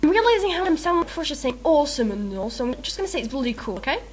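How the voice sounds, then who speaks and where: A woman's voice: high-pitched, sing-song, very fast, slight background noise. Giggly, rambling young woman. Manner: rambling, giggly, self-mocking, lots of fillers. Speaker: video maker answering a meme questionnaire. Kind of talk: casual chat.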